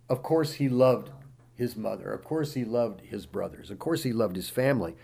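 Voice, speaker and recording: A man's voice: expressive, normal speed, vocal fry. Man preaching a Bible sermon. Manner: rises loud and high reading scripture, drops quiet and low explaining. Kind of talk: sermon, reading and explaining scripture.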